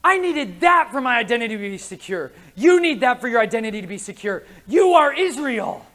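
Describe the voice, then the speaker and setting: A man's voice: very high-pitched, very animated, a little fast, sharp tone. A man preaching a conference sermon, impassioned and emotional, mixing casual slang into his preaching. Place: conference hall.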